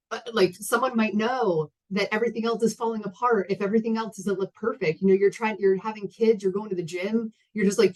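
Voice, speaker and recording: A woman's voice: mid-range voice, low-quality recording. A woman in her thirties telling a personal story to an audience, candid and rambling with many fillers and restarts. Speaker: guest speaker.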